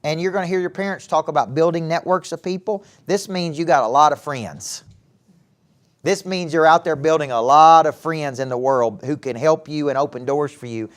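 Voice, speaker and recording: A middle-aged man with a Southern US accent giving a live motivational talk to young people, animated and often asking the audience questions. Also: fairly high pitch, moderate pace. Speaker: motivational speaker and former coach. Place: event hall with a live audience.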